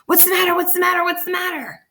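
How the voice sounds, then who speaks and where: A woman reading as a startled, shouting father. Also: animated, moderate pace, close to an everyday voice. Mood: alarmed. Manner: shrill repeated shouting. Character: startled, grumpy father jolted awake.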